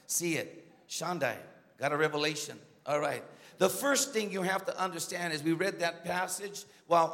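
A man's voice: high-pitched, a bit bright, big-room sound. A man preaching a sermon as a guest speaker, emphatic and calling out to the congregation.

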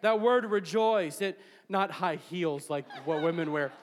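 A man preaching a sermon to a congregation, reading scripture aloud and building to shouted peaks, with jokes and laughter along the way. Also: a little high, unhurried, background noise. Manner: preaching with rising bursts of shouting. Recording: long hall reverb.

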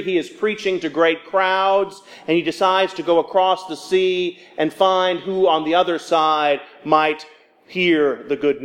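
Male preacher, slightly high voice, slow and deliberate sermon delivery with pauses. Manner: measured, with dramatic pauses and voiced quotes of the disciples.

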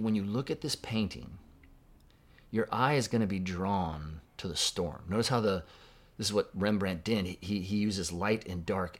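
A man preaching a sermon in a conversational way, asking his listeners questions. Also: low voice. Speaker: pastor.

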